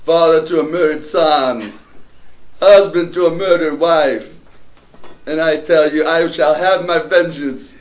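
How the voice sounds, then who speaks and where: A man's voice: a little high, unhurried, pitched above the performer's own voice, close to an everyday voice. Maximus, as a man puts him on in mock Jamaican. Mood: mock-heroic. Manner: laughing through a grand declamation. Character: Roman general swearing vengeance, fake Jamaican.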